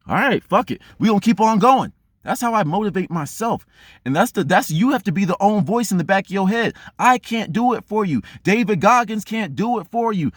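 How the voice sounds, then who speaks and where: A man's voice: high-pitched, animated, fairly quick, no echo, clean studio sound. A man giving a blunt, profane motivational monologue as a vlogger, unscripted and intense. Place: remote outdoor spot.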